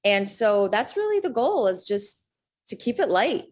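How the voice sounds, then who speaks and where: A woman's voice: medium pitch, big pitch swings, measured pace. A woman comedian from Minnesota, a guest in a casual interview, chatty and rambling.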